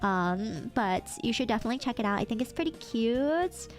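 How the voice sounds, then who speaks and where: A woman's voice: a little high, lively intonation, normal speed, soft background music. A woman streamer chatting casually, telling a story with lots of fillers and stammers.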